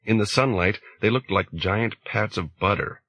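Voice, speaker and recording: Male audiobook narrator, deep and husky, measured delivery. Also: dry recording, lo-fi sound. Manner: slow, measured, even. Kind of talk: scripted narration.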